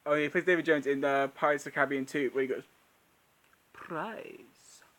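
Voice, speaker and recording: A man with a high voice chats loosely through a live Q&A. He sounds unwell and his throat is sore. He breaks into laughter often and leaves sentences hanging before starting them again. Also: a bit bright. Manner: laughs often, trails off and restarts. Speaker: channel host. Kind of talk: casual live Q&A chat.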